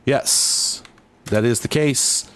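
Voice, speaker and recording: A man in the middle of the usual pitch range mutters and rambles through casual retro-gaming commentary. He is sardonic and keeps breaking off his own sentences, then starting them again. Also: extremely slow, fairly bright tone, smooth. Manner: rambling, sardonic, self-interrupting. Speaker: host. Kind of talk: casual commentary while playing retro games.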